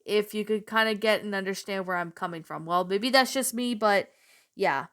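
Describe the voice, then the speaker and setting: Woman, channel host, casual review, hesitant and meandering, smooth tone. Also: medium pitch, normal speed, a bit bright. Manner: meandering, hesitant, self-qualifying.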